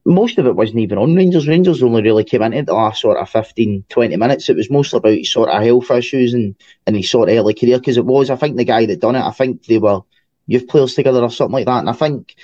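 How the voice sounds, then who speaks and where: A Scottish man talks football on a podcast in an easy, filler-heavy way. His voice is mellow. The recording sounds dull and dry. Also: medium pitch, quick pace, no room sound. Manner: relaxed, filler-heavy chat. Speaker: podcast co-host, fan. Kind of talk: casual football chat.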